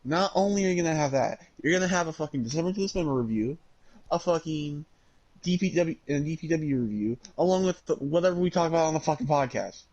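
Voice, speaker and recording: A man with a somewhat high voice co-hosting a casual podcast. He grumbles with frustration, swears often and laughs between complaints. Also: fast talker, darkish tone, lo-fi sound. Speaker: podcast co-host. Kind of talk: casual chat.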